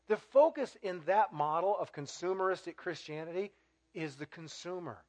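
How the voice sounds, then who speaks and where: A male pastor preaching a sermon in an animated way, building emphasis through repetition and adding wry humor. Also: a little high, moderate pace.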